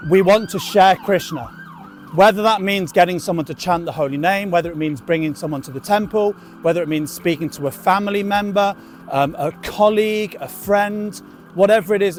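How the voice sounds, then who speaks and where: A man who is a monk, greeting passers-by on a city street with cheerful jokes and telling stories about outreach. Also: sits high. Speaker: temple monk and street book distributor.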